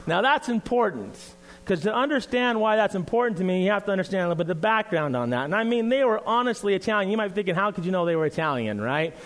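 Earnest, high-voiced preacher. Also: male voice, expressive, quick pace, fairly bright tone. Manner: earnest, conversational, with restarts. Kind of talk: sermon with scripture reading and prayer.

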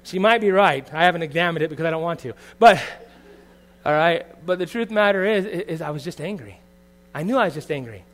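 A middle-aged man preaching a sermon as pastor, earnest and confessional, moving from quiet reflection to loud bursts. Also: a little high, lively intonation, fairly quick.

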